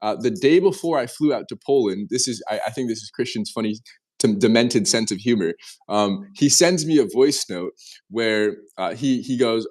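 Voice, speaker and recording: A man in his twenties, a guest in a casual interview, telling his story in an animated way and often restarting his sentences. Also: fairly low pitch, moderate pace. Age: 20s.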